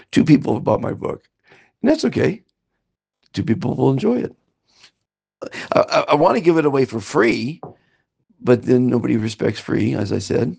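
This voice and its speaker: Gravelly older man rambling. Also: mid-range voice, darkish tone. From Southern California, United States. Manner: meandering, self-promoting, with wry asides. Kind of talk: rambling personal monologue. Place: currently in Antigua.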